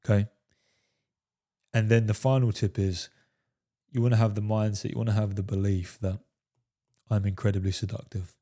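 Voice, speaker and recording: A man's voice: fairly low pitch, level tone, normal speed, pauses often, dark tone. A man talking straight to his viewers as a dating coach, emphatic and profane, peppering his talk with "fellas" and "right?". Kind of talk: coaching monologue to camera.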